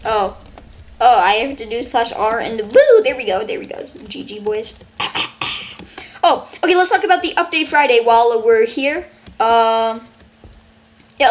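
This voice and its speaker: A woman giving casual, rambling gameplay commentary full of "like", her voice a bit worn from yelling. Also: a little high, normal speed. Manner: rambling, fillers of "like", excitable. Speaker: gaming channel host.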